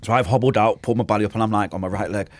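A man with a Manchester accent tells his story as a podcast guest, rattling through it at high speed. His voice sits low, and the sound is dry and close with no room echo. He acts out quotes and gunshots and talks in street slang. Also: fairly even intonation, rapid-fire. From Manchester, England. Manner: street slang, swears oaths. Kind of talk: casual storytelling interview.

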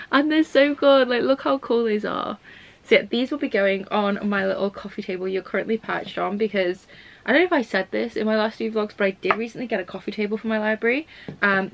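A young woman vlogging about books to camera at home, chatty and gushing, full of "like" and "um". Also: mid-range voice. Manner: chatty, fills talk with "like" and "um"; gushing, squeals with delight. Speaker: book vlogger. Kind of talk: casual chat to camera. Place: home library room. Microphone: camera mic.

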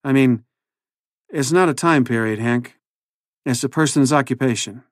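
A man's voice: mid-range voice, moderate pace, no room sound, natural voice. A man doing a tipsy, pedantic history teacher. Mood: lecturing. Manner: dry, lecturing, irritable.

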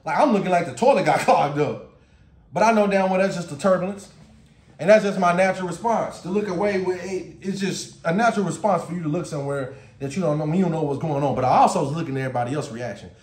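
A man tells a storytime vlog tale in a profane, animated rant, often breaking into laughter. His voice sits high for a man. The room around him is echoey and roomy. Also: fast talker. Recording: roomy echo.

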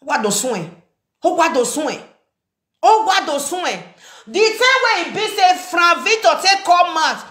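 A woman's voice: very high voice, animated, measured pace, fairly bright tone. A woman with a Nigerian Pidgin English accent, ranting and mocking someone in a confrontational commentary video. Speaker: social media commentator. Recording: echoey room.

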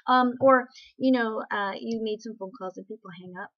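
An animated woman with a fairly high voice rants casually straight to camera. She keeps asking the listener rhetorical questions and trips over her own restarts. The sound is dull and lo-fi, like a home webcam. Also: fairly quick. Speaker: network marketing vlogger. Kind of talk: casual talking-to-camera rant.

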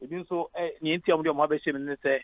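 Fast-talking Ghanaian man on a phone line. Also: on the high side, steady tone, no echo. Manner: fluent, explanatory, mixes English into Twi. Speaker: head of sport, radio guest. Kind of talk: phone-in sports analysis.

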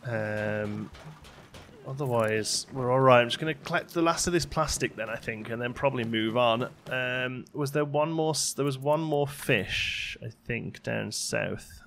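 A man's voice: medium pitch, measured pace, creaky, fairly bright tone, slight background noise. A man hosting a let's play, chatting casually as he plays and talking to his game characters. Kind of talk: casual gameplay commentary. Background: faint game music.

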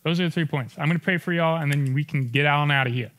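A young man preaches to teenagers in a loose, conversational way, checking in with his listeners as he goes. His voice sits a little high for a man. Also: fast, few pauses, a bit bright. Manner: conversational, checks in with the audience often. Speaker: youth pastor. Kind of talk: youth sermon.

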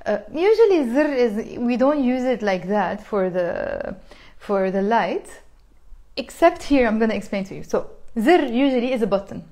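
A Lebanese woman teaching a live online lesson, chatty and repeating each phrase slowly for learners. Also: fairly high pitch, very animated, warm tone. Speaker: Arabic teacher.

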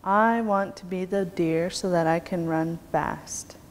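A woman's voice: on the low side, fairly even intonation, takes it slowly. A woman voicing a frightened male creature who pleads and wails to be changed into something else. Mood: pleading. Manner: wailing, pleading cries. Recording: long reverb, faint background noise.

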